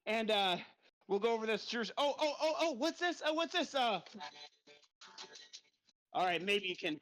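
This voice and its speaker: A man's voice: sits high, animated, moderate pace, very noisy. A middle-aged man hosts a live podcast from his bike trainer, out of breath as he pedals. He talks in an upbeat, chatty way, laughing and stumbling over his words. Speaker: podcast host. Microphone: desk mic on a stand.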